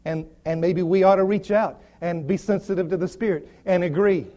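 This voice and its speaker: A man's voice: sits high, steady tone, moderate pace, few pauses, dark tone. A man preaching a sermon, repeating phrases and building to emphatic declarations. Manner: repetitive, rising to emphatic declarations.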